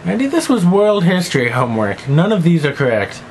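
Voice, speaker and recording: A man's voice: a little high, very animated, fairly quick, a little hiss or hum, low-quality recording. A teenage boy rambling goofily in a one-take vlog monologue, jumping between silly voices and mumbled asides. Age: teens. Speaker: vlogger.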